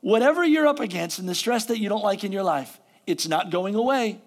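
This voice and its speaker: A man's voice: high voice, lively intonation, brisk. A male pastor giving a conversational sermon, joking about himself and then reading scripture with rising emphasis.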